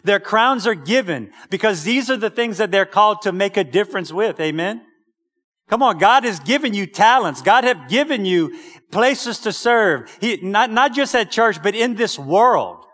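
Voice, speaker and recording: High-voiced preacher in a reverberant hall. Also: male voice, animated, normal speed, a bit bright. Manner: exhorting, calls out "Amen?" to the congregation. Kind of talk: sermon.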